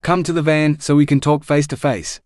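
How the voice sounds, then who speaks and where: A man voicing an impatient male teammate speaking over a radio earpiece in an audiobook, brisk and complaining. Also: on the high side, steady tone, a little mellow, no echo, studio quality, lightly acted.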